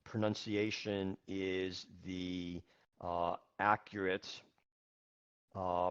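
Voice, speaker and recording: A man teaching an English class online, speaking in a patient, measured way with frequent fillers. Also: deep voice, highs cut off.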